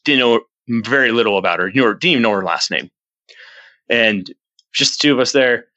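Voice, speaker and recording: A man telling a personal story as a podcast guest, earnest and rambling, with many restarts, jumping up in pitch when he acts out his own past lines. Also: animated, brisk, sharp tone, no echo, rough recording. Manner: earnest, rambling retelling with frequent restarts and fillers. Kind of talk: casual storytelling in an interview.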